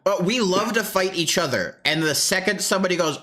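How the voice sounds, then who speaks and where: A man in casual chat, explaining his opinions at length and acting out quick voices. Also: sits high, lively intonation, crowd noise.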